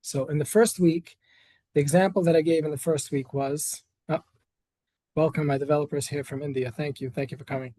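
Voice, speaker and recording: A man's voice: fairly high pitch, steady tone, brisk, dark tone. An earnest man leading a religious workshop in a study hall, often restarting his phrases. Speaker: workshop leader. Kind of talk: Torah workshop lecture. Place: study hall with online attendees.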